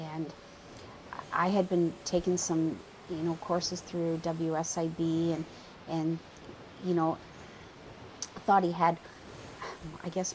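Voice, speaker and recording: A woman interviewed for a documentary, speaking earnestly and haltingly. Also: lowish voice, darkish tone, a little hiss or hum, low-quality recording.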